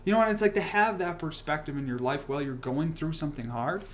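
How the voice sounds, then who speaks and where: A man's voice: a little high, fast, a little hiss or hum. A young man hosting a casual livestream, rambling and swearing as he rants and reads comments. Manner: rambling, profane, animated ranting. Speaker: livestream host.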